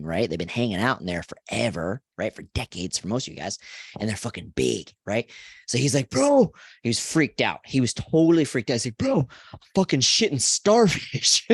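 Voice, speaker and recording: A man's voice: slightly rough, no room sound, studio quality. A man in his forties hosting a live stream, telling rambling, profane stories and tagging most sentences with "right?". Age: 40s. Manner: profane, keeps asking "right?" after each point; animated storyteller, voice jumps high when quoting friends.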